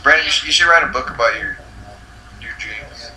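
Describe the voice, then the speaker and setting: A man's voice: medium pitch, a little fast, sharp tone, a little hiss or hum. A young man chatting casually with friends, teasing and stumbling over repeated words. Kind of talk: casual chat among friends. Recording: roomy echo, distant mic.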